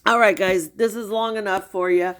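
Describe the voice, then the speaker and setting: A woman's voice: medium pitch, fairly even intonation, normal speed. A middle-aged woman giving gossipy reaction commentary, incredulous and chatty. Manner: incredulous and gossipy, with frequent sighs and laughs. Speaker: commentary streamer.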